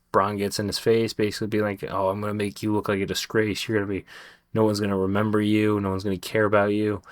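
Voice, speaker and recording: A man's voice: lowish voice, dry recording, studio quality. A man reviewing a wrestling show in a casual vlog, rambling, swearing freely and restarting his sentences often. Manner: rambling, profane, frequent restarts.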